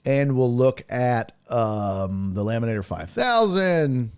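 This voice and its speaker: A man's voice: medium pitch, sing-song, slow, a little mellow, clean tone. A man hosting a sports talk show, chatting casually and thinking aloud as he reacts to the news.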